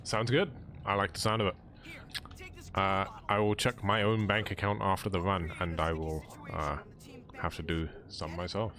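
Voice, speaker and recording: Speaking at normal speed in a low-pitched, sharp-toned voice with fairly even intonation, a young British man offers easygoing, jokey live-stream commentary. He plays through a speedrun and explains the tricks he's using while game music runs in the background.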